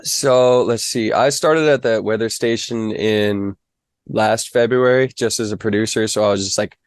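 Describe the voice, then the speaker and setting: A young weather reporter from the Fargo area appears as a guest in a casual interview, speaking modestly and easily with plenty of "like." His voice is fairly low with fairly even intonation and normal speed, a clean tone, and dry, clean studio sound.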